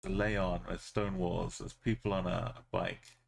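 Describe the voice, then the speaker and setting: A man streams live game commentary, thinking out loud as he plays. His voice sits low and carries a gravelly fry. He talks at a slow, easy pace, drifting into fillers and half-finished thoughts. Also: level tone. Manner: thinking aloud, musing with trailing fillers.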